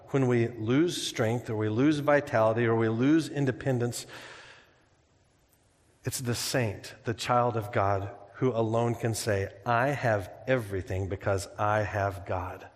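A man preaching a sermon in a church, conversational and humorous, telling stories and jokes as he explains scripture. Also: medium pitch. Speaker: pastor. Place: church sanctuary. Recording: long hall reverb.

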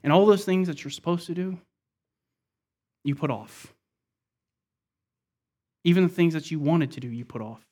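A man with a fairly high voice delivers an expository sermon. He explains each verse step by step and lets his voice sink to a hush at the end of his points. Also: expressive, normal speed, pauses often. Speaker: pastor.

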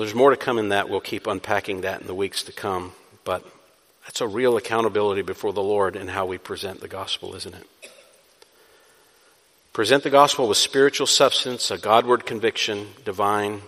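In a reverberant church sanctuary, a pastor preaches with emphasis and answers the very questions he asks. He speaks at a moderate pace in a fairly low, slightly bright voice.

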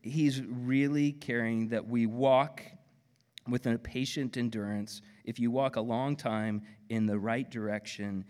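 A pastor with an Oklahoma accent preaches in a lively, conversational way, tossing in playful asides. His voice sits in a middle range for a man. It rings with the long reverb of a large church hall. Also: mid-range voice, measured pace. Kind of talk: sermon. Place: church auditorium.

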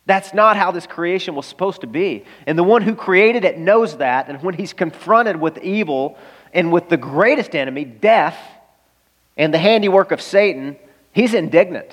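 A man's voice: sits high, expressive, moderate pace. A male pastor preaching a sermon in an earnest, emphatic way, asking the listeners rhetorical questions. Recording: long reverb of a large hall.

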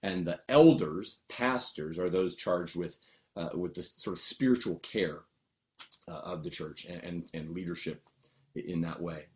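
A man with a fairly low voice gives a teaching sermon. He talks conversationally, often pausing on fillers and restarting phrases as he walks through Greek terms patiently. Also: a little mellow. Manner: explains Greek words patiently. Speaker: pastor.

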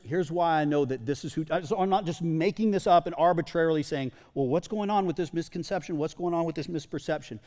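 A man's voice: fairly high pitch, darkish tone. A male pastor giving a sermon in a church hall, talking conversationally and often repeating words as he goes.

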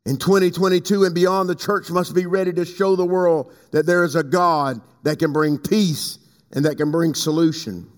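A man preaching a sermon as pastor. He swings from loud, high passages to quiet low asides and calls on people in the congregation by name. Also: fairly even intonation, normal speed. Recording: long hall reverb.

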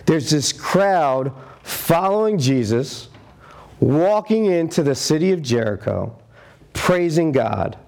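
A man preaching a sermon, telling the story with animated storytelling and acting out the quotes in character. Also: on the high side, takes it slowly, vocal fry.

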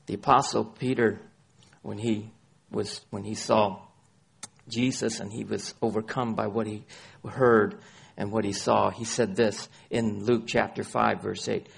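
A man preaching a sermon, his voice gravelly and a little husky. He names scripture passages by chapter and verse and drives points home by repeating his key phrases. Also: on the low side. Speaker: pastor.

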